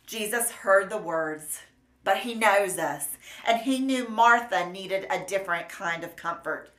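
A woman preacher delivering a sermon in an earnest, measured and gently emphatic way. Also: medium pitch. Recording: roomy echo.

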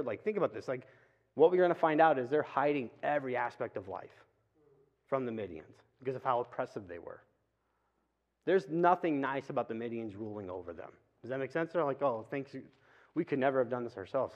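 Guy preaching super casual, lots of asides, echoey church hall, kinda dull muffled audio. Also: mid-range voice. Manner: chatty, acts out quick asides and voices. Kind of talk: casual conversational sermon. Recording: reverberant hall, dull lo-fi sound.

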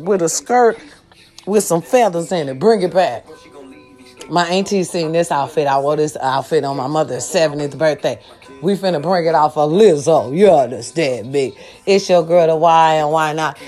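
An older woman giving a loud, sassy, profane pep talk to her followers. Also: sits low. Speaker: vlogger.

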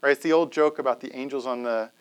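A man's voice: mid-range voice, quick pace, clear, resonant tone. A man giving a conversational classroom lecture to a live audience, often checking in with "right?".

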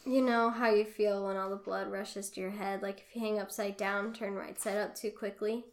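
A young woman casually chatting about a book as a podcast co-host, retelling scenes with quick voiced quotes. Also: medium pitch, flat delivery. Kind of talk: casual chat. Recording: echoey room.

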